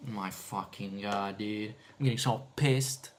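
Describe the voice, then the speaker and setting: A man's voice: on the low side, slow pace, sharp tone. A man talking to himself while editing video, muttering and swearing in exasperation. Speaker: video editor streaming his work.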